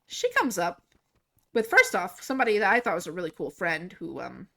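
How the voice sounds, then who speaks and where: Bright-voiced young woman streamer, rambling. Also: lowish voice, fairly quick, gravelly. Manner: rambling and animated, laughs and swears often. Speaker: livestreamer. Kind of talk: casual storytelling while gaming.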